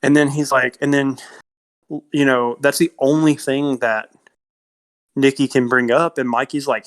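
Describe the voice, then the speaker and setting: A man's voice: medium pitch, steady tone, normal speed. Man, podcast co-host, casual film chat, rambling, lots of "like" and "you know". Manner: rambling retelling with many fillers and quoted lines.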